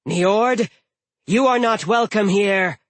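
Man voicing a hostile growling giantess, loud and high, storybook. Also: slow, dry recording.

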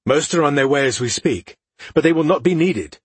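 Brief: man doing a proud male lieutenant, raised and emphatic, husky and dry. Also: fairly high pitch, lively intonation, moderate pace, no echo, pitched above the performer's own voice. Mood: defensive.

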